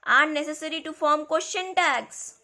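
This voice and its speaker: A woman teaching a grammar lesson to schoolchildren, speaking slowly and repeating key words. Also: sits high, bright, forceful tone. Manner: slow, repeats key words, addresses kids.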